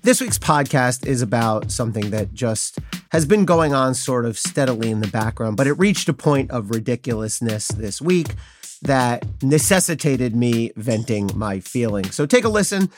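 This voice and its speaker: A man's voice: mid-range voice, lively intonation, moderate pace, soft background music. A man hosting a podcast, delivering scripted political commentary in a wry, pointed, opinionated manner. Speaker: podcast host.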